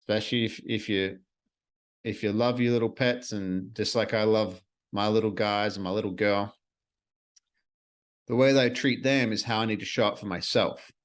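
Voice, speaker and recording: A man's voice: fairly low pitch, steady tone, normal speed. A man hosting a solo podcast, talking earnestly and reflectively in a casual way, with the odd swear word. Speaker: podcast host.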